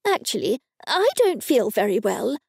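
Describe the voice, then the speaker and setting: A woman's voice: a little high, sing-song, normal speed, creaky, husky, no echo, studio quality, heavily acted. A woman with an Australian accent voicing a fussy, scolding older mother.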